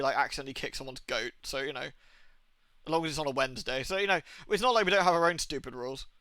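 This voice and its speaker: A man's voice: a little high, no echo. A young man with an English accent, a game streamer telling rambling, sweary stories in casual chat. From England. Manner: rambling, sweary, animated storytelling.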